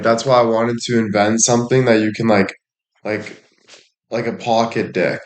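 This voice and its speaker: A young man chatting casually to his audience, rambling and making crude jokes. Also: lowish voice.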